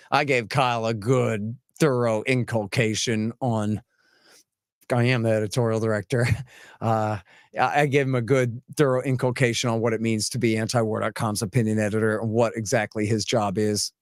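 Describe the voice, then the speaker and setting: A man hosting a podcast, chatting casually and telling animated, chuckling stories. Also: on the low side, no room sound, studio quality. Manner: animated, chuckling, repeats phrases. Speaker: podcast host. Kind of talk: casual chat, anecdotal storytelling.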